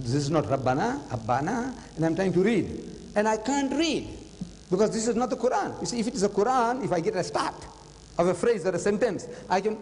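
An older man addresses a live audience in a lecture hall, his voice sitting noticeably high. He tells his story dramatically, repeating phrases for weight. The sound carries a long hall reverb and a faint electrical hum. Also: darkish tone. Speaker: public lecturer.

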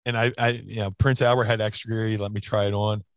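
A man's voice: fairly low pitch, level tone, quick pace, no echo. A man in a casual interview, telling stories in a rambling way with many restarts and fillers. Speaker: interview guest, former wrestler. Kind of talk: casual storytelling.

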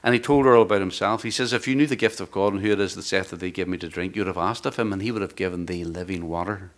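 A man, the church's pastor, preaching a sermon, rising loud when he reads scripture and dropping to quiet, hushed words. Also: deep voice, very fast. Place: church sanctuary.

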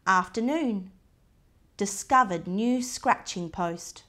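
A woman reading a picture book aloud to a child, in short diary entries with soft asides pointing things out. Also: medium pitch, very animated, takes it slowly, pauses often.

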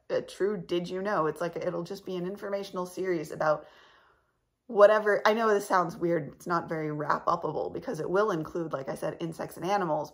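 A woman vlogger chatting casually to her viewers, rambling and laughing often, her voice a little cracked in the morning. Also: medium pitch. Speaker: channel host. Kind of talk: casual chat to camera.

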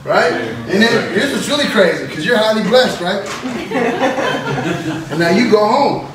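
Guy preaching a bible study, high voice, super animated, laughs a lot, echoey room with noise behind. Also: takes it slowly, distant mic. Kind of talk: lively teaching sermon. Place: classroom.

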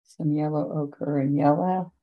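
A woman teaching a painting lesson, giving gentle, chatty step-by-step guidance as she works. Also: low voice, fairly even intonation, measured pace, phone-quality sound. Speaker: painting instructor. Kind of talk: relaxed painting demonstration.

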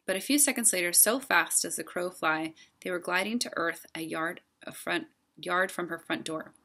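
A woman reading a children's novel aloud in a calm, steady storytelling way. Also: on the low side, moderate pace, vocal fry. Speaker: storybook reader.

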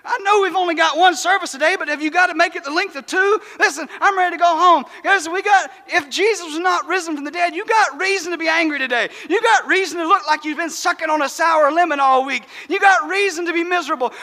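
A man preaches with fervent emphasis, often shouting and repeating phrases. His voice sits very high and bright for a man. The sound rings with a long reverb in a church hall. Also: fairly quick, few pauses. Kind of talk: shouted revival sermon. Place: church sanctuary.

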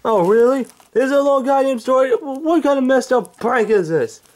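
A performer voicing a furious old grandpa who yells and curses in a high, lively voice. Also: moderate pace, a little hiss or hum. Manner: yelling, cursing, demanding.

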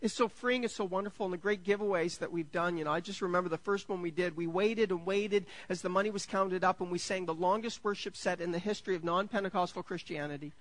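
A man, preaching a sermon as pastor. He is jokey and self-deprecating, stumbles over restarts, and builds to excited peaks. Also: high-pitched, fast, hardly any pauses, rough recording.

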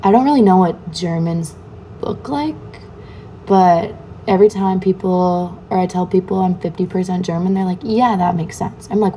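Young woman livestreamer, mellow voice, casual comment-reading chat, faint hiss on a phone mic. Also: fairly low pitch, moderate pace. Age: young adult. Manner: chatty, reads comments aloud and answers them offhandedly.

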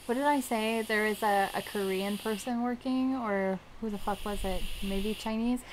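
A woman's voice: medium pitch, fairly even intonation, moderate pace, slight background noise, poor audio. A woman sitting in on a game stream, cheering the player on and chatting with a giggly, casual manner and some swearing. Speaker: streamer's partner, co-commentator. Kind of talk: casual chat beside a gameplay stream. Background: retro game music.

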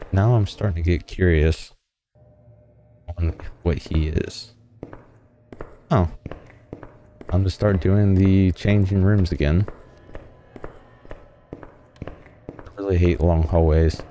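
Deep-voiced man mumbling through a horror game. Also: mellow, a little hiss or hum. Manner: casual, jumpy, talking to himself while playing. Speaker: gaming channel host.

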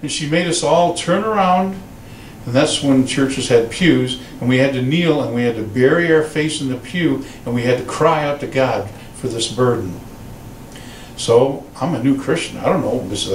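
A man preaching as a pastor, telling stories and acting out quoted voices with lively delivery. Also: reverberant, far from the mic, a little hiss or hum, poor audio. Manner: animated storytelling, voices quotes in a raised pitch. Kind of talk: sermon. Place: church sanctuary.

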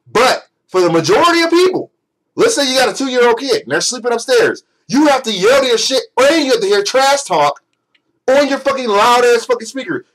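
A man's voice: high voice, fairly bright tone, rough recording. Angry, foul-mouthed man ranting. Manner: profane, exasperated, sarcastic. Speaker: gaming vlogger. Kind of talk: angry rant.

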